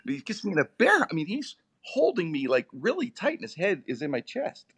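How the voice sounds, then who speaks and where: A middle-aged man, a radio personality, telling comic stories in a lively, animated way. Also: fairly quick, breathy edge. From Pittsburgh area, USA. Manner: lively, comic, with big swings in pitch. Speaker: radio personality and podcast host, guest. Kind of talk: animated storytelling.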